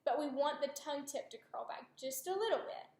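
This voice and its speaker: Casting: high-pitched woman speech therapist, patient and encouraging, roomy echo. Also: brisk, a little mellow. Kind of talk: clinical demonstration.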